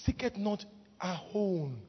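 Husky-voiced woman preaching. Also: mid-range voice, slow pace. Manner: animated, laughing often, bursts into shouting. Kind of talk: sermon. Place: church hall. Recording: muffled recording in a reverberant hall.

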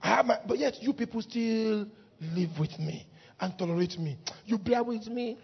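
A woman preaching a lively sermon in church, laughing often and breaking into shouts. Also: a little high, normal speed, vocal fry, husky. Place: church hall. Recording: muffled recording in a reverberant hall.

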